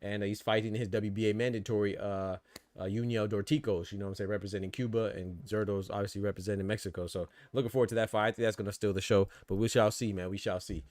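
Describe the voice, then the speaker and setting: Male boxing-show host, low voice, dry close sound, casual and rambling with fillers. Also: steady tone, quick pace, darkish tone, dry recording. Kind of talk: live boxing commentary chat.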